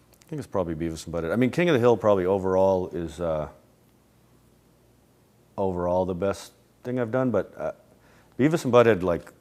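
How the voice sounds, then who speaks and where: A middle-aged man in a casual interview at home, rambling with many restarts and soft chuckles. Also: low voice. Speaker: interview guest, animator and voice actor.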